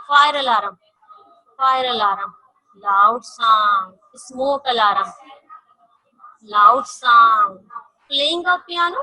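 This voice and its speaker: A woman teaching a science lesson to young children, repeating each point slowly and stressing key words, in English with non-native grammar. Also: on the high side, lively intonation, bright, forceful tone, poor audio. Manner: slow, repetitive, emphatic teaching.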